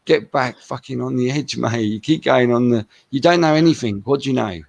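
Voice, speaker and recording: A man's voice: medium pitch, fairly quick, gravelly, darkish tone, no room sound. A man in casual chat, rambling and laid-back as he gives his friend advice. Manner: rambling, laid-back, calling him mate.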